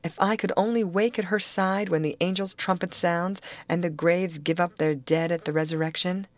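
A woman's voice: deep voice, moderate pace, lightly acted. A woman voicing a frail, frightened young woman who speaks in a vacant, sorrowful, pleading way. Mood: yearning.

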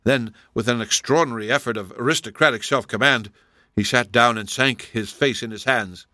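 A man narrating a classic story in a formal, even storytelling manner on a close microphone. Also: mid-range voice, moderate pace, dry recording. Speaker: audiobook narrator. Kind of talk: scripted narration.

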